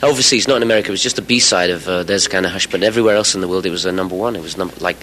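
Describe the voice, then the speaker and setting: Chatty English man, lowish voice. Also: racing, fairly bright tone, a little hiss or hum, rough recording. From England. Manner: chatty and rambling, with fillers and laughs. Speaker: musician guest. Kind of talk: casual radio interview.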